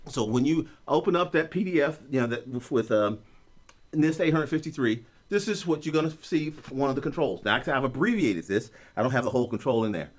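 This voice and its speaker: A man teaching an online course, explaining concepts in a joking, story-driven way. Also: quick pace. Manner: animated, joking storyteller with a lively pitch. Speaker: course instructor. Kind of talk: recorded online lecture.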